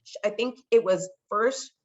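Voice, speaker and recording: A woman's voice: mid-range voice, a little slow, darkish tone. A chatty woman from California tells her stories in a casual interview, slipping into other people's voices as she goes. Her voice sits in a middle range. The recording sounds a little dull and lo-fi. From California, United States. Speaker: podcast guest, sports marketer. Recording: slightly dull lo-fi audio.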